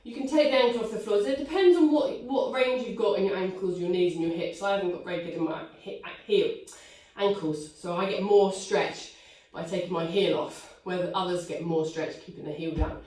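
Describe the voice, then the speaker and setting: A woman's voice: medium pitch, a little fast, hardly any pauses, a little mellow. Breathless woman counting pilates reps. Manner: counts reps aloud, upbeat encouraging cues. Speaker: pilates instructor. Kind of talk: live online fitness class cueing. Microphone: video call. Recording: echoey room, distant from mic.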